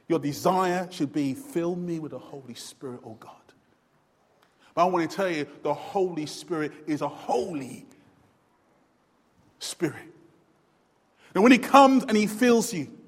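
A man preaching a sermon, swinging between loud emphatic lines and low, quiet ones. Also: breathy edge. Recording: long hall reverb.

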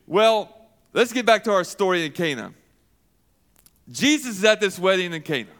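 Brief: man, pastor mid-sermon, high and clear voice, emphatic and repetitive. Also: sing-song, normal speed, a bit bright. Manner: asks questions and answers them himself, emphatic repetition.

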